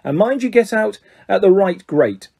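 A fretful, motherly witch, voiced by a man reading aloud in an audiobook. Raised pitch with a husky grain. She fusses over everyone. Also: lively intonation, moderate pace, heavily acted. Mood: fussing. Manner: fussy and anxious, raised and bright. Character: fussing, motherly middle-aged witch.

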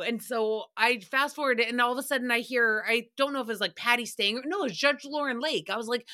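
Chatty woman podcast host, bright and high, loose rambling recap with swearing. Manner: chatty, tangent-prone, profane. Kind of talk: casual recap chat.

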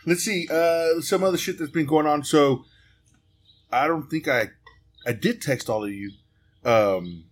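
A man's voice: fairly high pitch, unhurried, pauses often, faint music behind. A man hosting a podcast, in a loose, profane, storytelling chat with friends. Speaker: podcast host. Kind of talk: casual chat.

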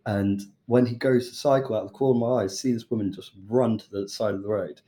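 A young British man, a chef, casually telling a lively story and acting out the voices of the people in it. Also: fairly low pitch, fairly quick. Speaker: chef and podcast guest.

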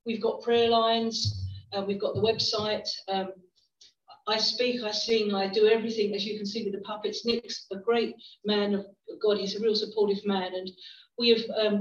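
A middle-aged woman, a visiting preacher telling stories in a church, chatty, with frequent restarts. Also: a little high. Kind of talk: storytelling sermon. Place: church hall. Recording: roomy, distant, dull church recording.

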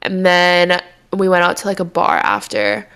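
A woman's voice: lowish voice, very animated, measured pace, vocal fry, fairly bright tone, clean tone. A woman in her twenties, a podcast co-host, telling rambling stories in casual chat with lots of filler words.

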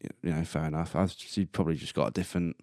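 Speaking at a racing pace, a man in his early twenties hosts a solo podcast with an extremely low, darkish, steady voice. The talk is casual and rambling, with laughter at his own jokes and the odd cough, captured dry and studio-quality on a close podcast mic.

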